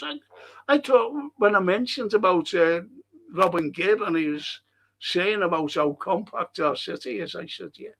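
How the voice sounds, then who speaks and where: A man's voice: sits high, lively intonation, moderate pace, creaky, a bit bright. A man with a Liverpool accent hosting a fan stream, rambling through viewer comments, swearing freely and laughing at his own stories. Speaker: host of a fan live stream. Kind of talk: casual chat reading viewer comments.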